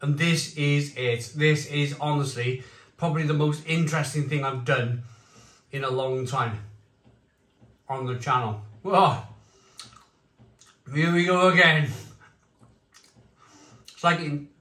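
A man reviewing beer and cheese on his channel, rambling excitedly, with bursts of shouting. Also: fairly high pitch, slow, long pauses, echoey room, recorded from a distance. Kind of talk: enthusiastic tasting vlog.

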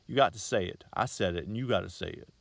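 A man's voice: low voice, quick pace, creaky, no echo. A man voicing a young country boy who speaks in rural dialect, insistent and pleading, reading a short story aloud.

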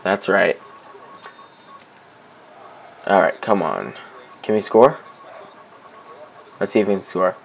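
A young man casually commenting on his own soccer video game match, excitable and repeating himself as he begs teammates for the ball. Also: low-pitched, takes it slowly, creaky, pauses often, a little hiss or hum, low-quality recording. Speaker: gameplay commentator. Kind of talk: casual let's-play commentary.

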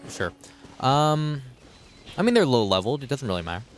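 A young man streaming a game live, muttering to himself and cursing loudly at enemies. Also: medium pitch, very animated, a little fast. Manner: swears a lot, yells at enemies. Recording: game music behind voice.

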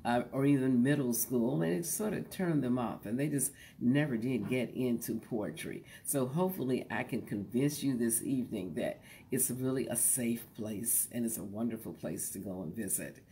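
A woman host coaching her audience on reading poems aloud, in a relaxed, folksy tone that jokes easily. She draws her words out slowly and now and then sinks into a hushed whisper. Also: extremely low pitch, slight background noise. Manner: slow and drawn-out, sometimes dropping to a soft whisper; folksy and joking. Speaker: host teaching poetry recitation. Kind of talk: relaxed instructional talk to an online audience.

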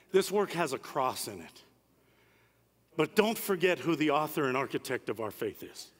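High-voiced fervent preacher. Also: male voice, fairly bright tone. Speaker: pastor. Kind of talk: sermon. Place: large conference hall. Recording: reverberant conference hall.

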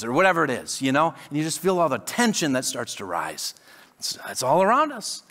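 A male pastor delivering a lively sermon in a reverberant church hall. His voice sits fairly high and swings widely in pitch. He talks in a conversational way, restarting phrases and acting out quotes. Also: a little fast. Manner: animated, conversational preaching with many restarts and acted-out quotes. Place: church sanctuary.

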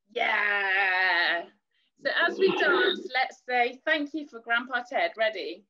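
A woman leading a gentle children's worship lesson, teaching in a soothing sing-song voice and singing simple lines for children to repeat. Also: on the high side, expressive, takes it slowly. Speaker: children's church leader. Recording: dull lo-fi recording.

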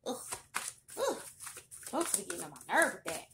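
A young woman giving a casual tarot reading, chatty and sassy with loud bursts of excitement. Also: mid-range voice, normal speed, creaky, background noise. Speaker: tarot reader.

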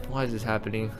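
A young man narrating his own Minecraft role-play, excitable and quick to exclaim, repeating himself as he reacts. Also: on the low side.

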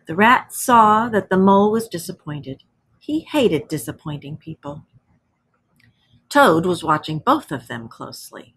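A woman's voice: on the low side, big pitch swings, a little slow, fairly bright tone, husky. A woman teacher reading a story aloud to children, stopping to explain words.

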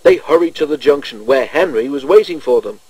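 A man reading a children's railway storybook aloud in a measured, gentle storytelling manner. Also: on the high side, lively intonation, breathy edge, no echo, low-quality recording. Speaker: narrator.

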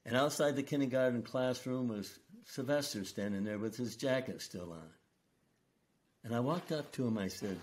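An older man, a retired school principal, telling stories from his career in an earnest, unhurried way during an interview. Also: medium pitch. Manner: slow, earnest storytelling with quoted dialogue. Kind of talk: storytelling interview.

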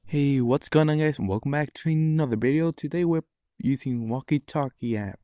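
A man's voice: medium pitch, moderate pace, warm tone, smooth. A man chatting casually to his viewers in a vlog, rambling offhand with plenty of "like" and "so yeah". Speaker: vlogger.

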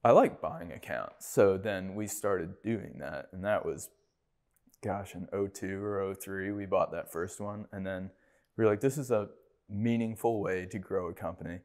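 A man with a low voice tells stories about his small business. He talks casually and animatedly, often slipping into the voices of people he met. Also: moderate pace. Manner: animated anecdotes, acting out other people's lines. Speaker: guest, business owner. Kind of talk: casual storytelling interview.

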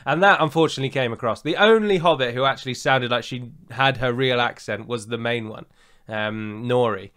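A man's voice: mid-range voice, brisk, a bit bright. A man with a southern English accent, chatting casually as co-host and giving opinionated reviews with frequent fillers. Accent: southern English standard. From England. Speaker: podcast co-host.

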